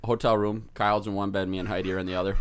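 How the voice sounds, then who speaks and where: A man's voice: lowish voice, level tone, quick pace, clean tone. A man co-hosting a podcast, telling a rambling story in casual chat and laughing often. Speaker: podcast co-host.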